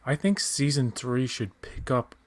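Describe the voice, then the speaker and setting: A man with a New Zealand accent talks loosely and jokily, tossing in crude slang. He sits at a middle pitch. His voice is close and dry, with no room sound. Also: animated, unhurried, dry recording. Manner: casual, profane, joking. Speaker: podcast co-host. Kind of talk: casual chat.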